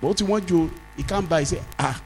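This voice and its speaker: A Nigerian man, a pastor, preaching a sermon as a story, swinging from loud exclamations to low asides. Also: fast, creaky, soft background music, poor audio.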